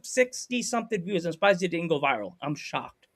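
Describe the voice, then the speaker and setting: A man hosting a podcast over a video call, telling stories in a lively way and acting out what people said. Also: fairly high pitch, a little fast. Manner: animated storyteller acting out quotes. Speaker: podcast host. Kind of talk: casual storytelling chat.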